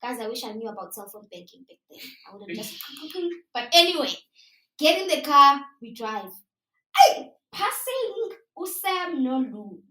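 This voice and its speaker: Animated South African woman storyteller. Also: a little high, normal speed. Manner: animated, chatty, slips into local words. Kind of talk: live storytelling to an audience. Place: live event room. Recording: roomy sound from a distant mic.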